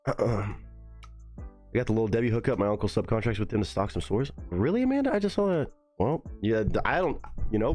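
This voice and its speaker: A man's voice: fairly low pitch, darkish tone. A young man chatting casually on a live stream, loose and profane, musing aloud as he goes.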